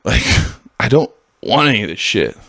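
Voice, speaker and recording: A man hosting a podcast in a casual, heated monologue, swearing freely and swinging between loud outbursts and low mutters. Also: very animated, moderate pace, vocal fry, slightly rough, dry recording, clean studio sound. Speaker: podcast host.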